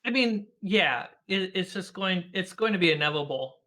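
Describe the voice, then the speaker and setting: A man as a guest in a casual video-call interview, an animated storyteller who laughs often and acts out the lines he quotes. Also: high-pitched, moderate pace. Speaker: guest, filmmaker and game master.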